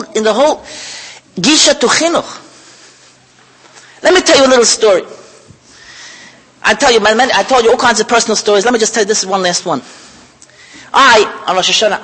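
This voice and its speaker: A middle-aged man giving a storytelling sermon as a rabbi, animated and acting out the voices in his stories. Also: very high voice, slightly rough. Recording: reverberant hall.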